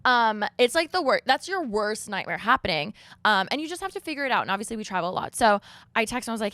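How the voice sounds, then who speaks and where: A young woman co-hosting a podcast, telling a story in casual chat and acting out text messages in a lively, higher voice. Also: quick pace, no echo. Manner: animated storytelling, acts out texts in a high voice. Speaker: podcast co-host.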